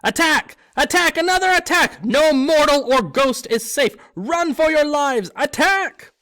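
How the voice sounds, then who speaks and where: Storybook cast: a cackling, mischievous poltergeist, high, loud and taunting. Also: male voice, sing-song, fairly quick, no echo. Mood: shrieking. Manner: taunting, singsong, shrieking.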